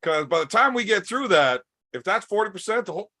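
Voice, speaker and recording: A man's voice: sits high, animated, fast, bright, forceful tone. A man hosting a podcast in casual chat, teasing his guest with crude, profane banter. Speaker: podcast host.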